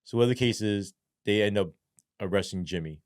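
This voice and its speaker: Profane storytelling ex-cop, low voice. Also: male voice, fast, smooth, no room sound, clean studio sound. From New York. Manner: profane, animated storytelling with acted quotes. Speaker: podcast guest, former police sergeant. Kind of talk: casual storytelling interview.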